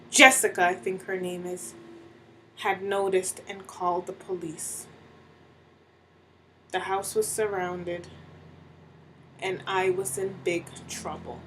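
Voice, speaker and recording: Slow, deliberate woman storyteller. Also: mid-range voice, fairly even intonation, fairly bright tone, slight background noise, rough recording. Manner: slow and deliberate, with dramatic pauses. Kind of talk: first-person dramatic story narration.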